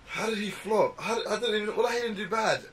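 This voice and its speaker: A woman hosting a reaction video, commenting casually and laughing loudly. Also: medium pitch, quick pace, distant mic, a little hiss or hum. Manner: laughing, loud exclamations.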